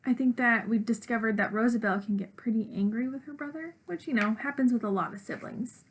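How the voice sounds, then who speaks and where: A woman teacher reads a children's chapter book aloud with lively expression. Her voice sits a little high and she talks to her students as she goes. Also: a little fast, breathy edge. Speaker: elementary school teacher.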